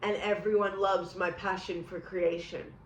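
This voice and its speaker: New York woman leading calm tapping affirmations. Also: mid-range voice, a little hiss or hum. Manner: calm, measured affirmations for the listener to repeat. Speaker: EFT tapping guide. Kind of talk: guided tapping session with spoken affirmations. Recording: roomy echo.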